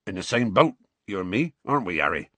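A man's voice: fairly low pitch, sing-song, fast, bright, forceful tone, no room sound, exaggerated voice. A man voicing a huge, battered giant who talks in a gloomy, folksy way. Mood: mournful.

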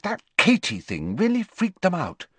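A man voicing an eager, gossipy teenage schoolgirl, pitched above his own voice. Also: wildly swooping pitch, moderate pace, bright, forceful tone, husky, dry recording, full character voice.

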